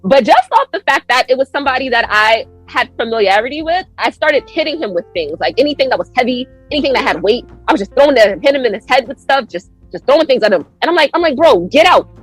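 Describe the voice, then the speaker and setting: A woman guest on a podcast telling a story in an animated way. She acts out her own lines with big jumps in pitch and laughs often. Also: fast talker, few pauses, slightly rough, no echo, faint music behind, poor audio.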